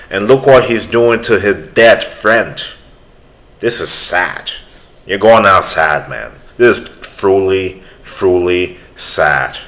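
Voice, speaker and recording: A man's voice: sits low, a bit bright. A man hosting a reaction channel, giving earnest, emphatic motivational commentary.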